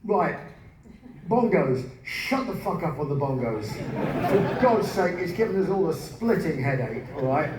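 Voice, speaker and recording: A man's voice: on the high side, very animated, a little slow, darkish tone. A man imitating a blunt, fed-up teenage guitarist. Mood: exasperated. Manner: blunt, exasperated scolding. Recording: echoey hall, distant mic, background noise.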